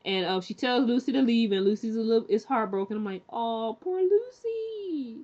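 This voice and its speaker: A woman's voice: fairly high pitch, fairly even intonation, fast, a little mellow, muffled recording. A woman giving a casual, rambling recap of a TV episode, full of fillers and restarts, now and then acting out the characters' lines. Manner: chatty and candid, acts out characters' lines. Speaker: TV show recap reviewer.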